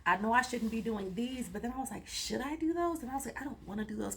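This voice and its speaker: A woman's voice: medium pitch, creaky, a bit bright, slight background noise. A woman vlogger giving a rambling, playful recap of her gym workout, sometimes dropping into a whisper. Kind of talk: casual chatty workout recap.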